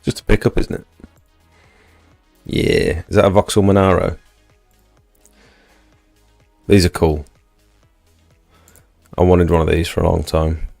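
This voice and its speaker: A man's voice: deep voice, fairly even intonation, normal speed, creaky, long pauses, darkish tone, no echo, soft background music. A man hosting a casual livestream, chatting and reading out viewer comments. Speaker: livestream host.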